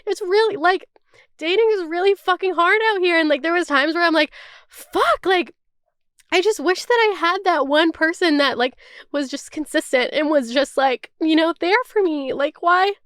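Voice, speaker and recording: A woman's voice: very high voice, moderate pace, fairly bright tone, no echo, studio quality. A woman in her twenties talking casually to camera, chatty and full of "like" and swearing. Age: 20s. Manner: chatty, swears freely, heavy use of "like". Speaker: vlogger. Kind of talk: casual chat.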